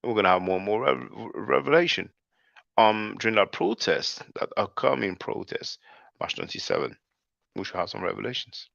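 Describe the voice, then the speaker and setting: A man's voice: on the low side, expressive, moderate pace, gravelly, a bit bright, no room sound. A man hosting his channel, talking loosely in a casual commentary monologue and calling his viewers brothers and sisters. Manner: loose and conversational, often says "man". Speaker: channel host. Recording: dull lo-fi dry recording.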